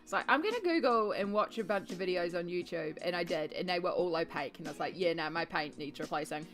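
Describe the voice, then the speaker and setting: A woman's voice: lowish voice, expressive, fast talker, a bit bright, faint music behind. A woman chatting casually on a live art stream as she paints, upbeat and talkative as she answers her chat.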